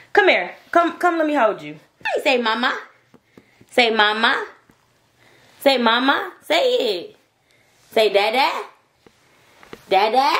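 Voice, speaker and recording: A woman's voice: mid-range voice, fairly bright tone, a little hiss or hum. A woman making a casual home vlog, coaxing her baby in sing-song baby talk and chatting to viewers at home. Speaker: vlogger and mother. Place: home with wood and tile floors.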